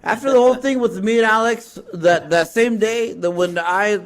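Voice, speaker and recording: Podcast co-host, man with a notably high voice, blunt and jokey, repeats himself. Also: moderate pace. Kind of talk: casual chat.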